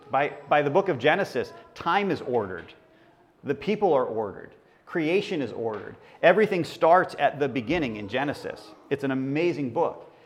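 Pastor guy preaching, chatty, asks the crowd questions, middle pitch. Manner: conversational, asks the congregation questions. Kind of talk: sermon.

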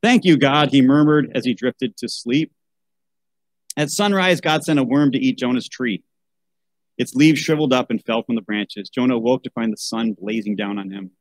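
A man's voice: medium pitch, moderate pace, no room sound, rough recording. A man reading a children's Bible story aloud, breaking off for wry asides and a rant about how such books should be chosen. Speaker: podcast host.

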